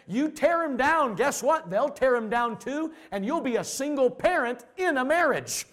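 Animated high-voiced male preacher. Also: moderate pace, few pauses. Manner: animated, acts out quoted voices; folksy, plain-spoken. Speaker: pastor. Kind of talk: sermon.

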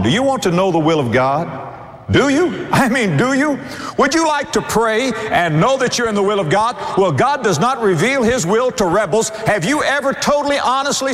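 Guy preaching hard, rhetorical questions, voice swoops way up and down, big echoey hall. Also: fairly bright tone. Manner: emphatic, rhetorical questions, sweeping pitch swings. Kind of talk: sermon.

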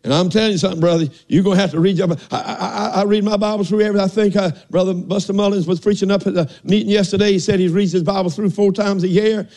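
A man's voice: high voice, steady tone, fast talker, few pauses, mellow. An older man preaching a folksy sermon, often asking "are y'all listening" and saying amen.

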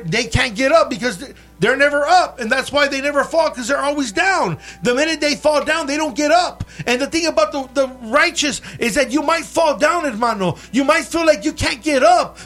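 A man's voice: very high voice, fairly bright tone. A man preaching a bilingual sermon, switching between English and Spanish and calling out for amens from the congregation.

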